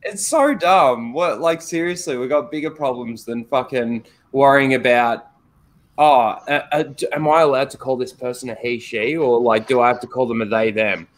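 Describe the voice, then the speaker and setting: A co-host on a casual live stream who sounds exasperated and swears a lot. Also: male voice, mid-range voice, moderate pace. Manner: exasperated, profane. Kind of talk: casual livestream chat.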